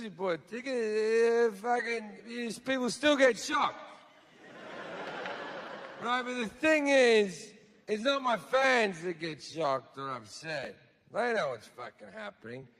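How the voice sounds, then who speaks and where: A man's voice: high-pitched, fairly bright tone. A man performing a stand-up comedy routine live, crude and sardonic, swearing often and acting out characters. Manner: crude, swearing, sardonic storytelling with acted-out voices. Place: live venue with audience.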